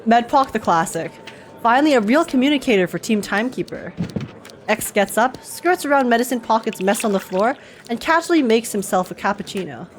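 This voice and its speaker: A woman's voice: on the high side, animated, a little fast, a little hiss or hum. Giggly woman reacting to a game. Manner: giggly, gushing. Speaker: game streamer. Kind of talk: game reaction with read-aloud narration.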